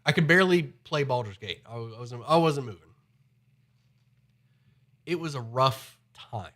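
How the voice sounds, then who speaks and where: A man's voice: medium pitch, animated, measured pace, a bit bright. A man live streaming from home, chatting in a rambling way, his voice slightly nasal from a cold. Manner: rambling, chatty, repeats himself. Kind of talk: casual chat.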